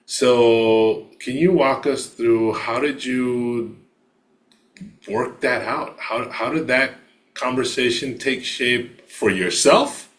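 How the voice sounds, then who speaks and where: A man's voice: medium pitch, slow pace. A man hosting an interview, asking long, winding, encouraging questions. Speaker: podcast host.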